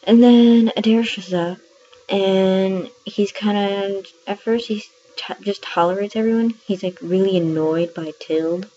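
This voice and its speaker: A woman's voice: medium pitch, steady tone, a little slow, warm tone. A woman casually reviewing a book, retelling scenes in a chatty way with plenty of fillers. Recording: dull lo-fi audio with faint noise.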